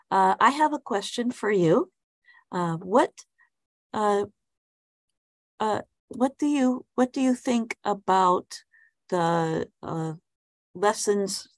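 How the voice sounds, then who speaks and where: A woman's voice: mid-range voice, dry recording. A woman teaching an online English class over a video call, talking hesitantly with frequent ums and restarts while asking students friendly questions. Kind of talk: casual online class talk.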